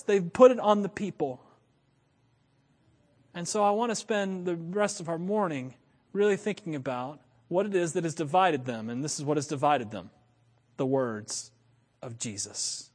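A man preaching a sermon, animated, chuckling and repeating lines for emphasis. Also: fairly high pitch. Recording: long reverb of a large hall.

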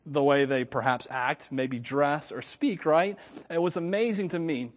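Pastor type, man from Florida, slight Southern accent, high voice, chatty sermon delivery, echoing hall. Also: unhurried. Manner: conversational, chuckles often, asides to the audience.

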